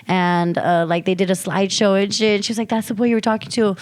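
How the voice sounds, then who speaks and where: A woman's voice: medium pitch, fairly even intonation, quick pace, no room sound. Young woman chatting in a dry room. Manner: loose, swearing, rambling storytelling. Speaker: podcast co-host. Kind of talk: casual chat.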